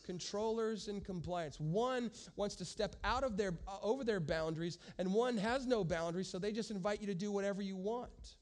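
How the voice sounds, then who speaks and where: A man with a notably high voice preaches a sermon to a live congregation. He speaks emphatically and turns often to the listeners to address them directly. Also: moderate pace, few pauses. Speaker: pastor. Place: church service with a congregation.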